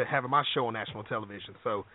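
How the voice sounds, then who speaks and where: A man's voice: fairly low pitch, quick pace, no room sound, narrow, tinny audio. A man hosting an interview, affirming and encouraging his guests. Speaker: podcast host.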